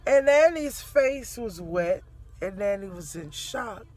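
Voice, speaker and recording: A middle-aged grandmother telling a family story to her viewers, animated and laughing as she goes. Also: medium pitch, slow pace. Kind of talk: casual storytelling to camera.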